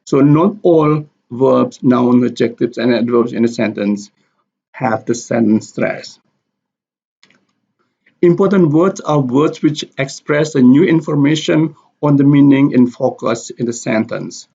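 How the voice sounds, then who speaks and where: A man teaching English pronunciation, explaining stress and repeating example words slowly and deliberately. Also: mid-range voice, gravelly, warm tone, breathy edge. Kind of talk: slow explanatory lesson with spoken examples. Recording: dull lo-fi recording.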